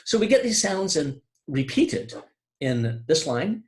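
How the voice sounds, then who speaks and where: A man giving an online lecture on poetry, explaining with hesitant fillers and restarts and slowing down to stress key terms. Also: medium pitch, expressive.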